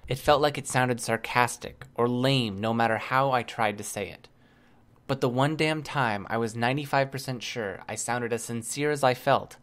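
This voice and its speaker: A man's voice: medium pitch, a bit bright. Man reading a novel aloud. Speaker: audiobook narrator. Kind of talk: first-person novel narration.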